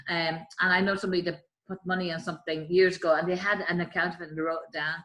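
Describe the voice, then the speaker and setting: Earnest woman, lowish voice. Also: little pitch movement, racing, poor audio. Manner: earnest, acts out quoted voices, trails off softly. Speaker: guest explaining bullying. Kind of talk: explanatory chat.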